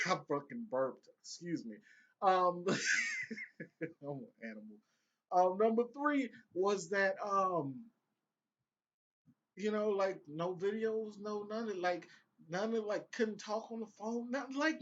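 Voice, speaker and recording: Reviewing a TV episode he's just seen, a young male vlogger offers loose, foul-mouthed commentary broken up by laughter. His voice is a little high, and the audio sounds dull.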